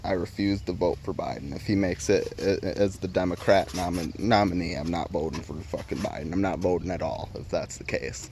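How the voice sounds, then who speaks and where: A man with a lowish voice rants heatedly into his camera, packing nearly every sentence with swearing. He rambles and restarts his thoughts as he goes, with a faint hiss behind him. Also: fairly quick, gravelly, few pauses, a little mellow. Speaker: vlogger. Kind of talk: profane opinion rant.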